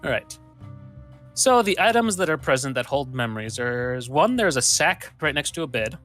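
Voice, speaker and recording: A man's voice: medium pitch, sing-song, normal speed, fairly bright tone, faint music behind. A man running a tabletop game as game master, casual and laughing, with frequent swearing.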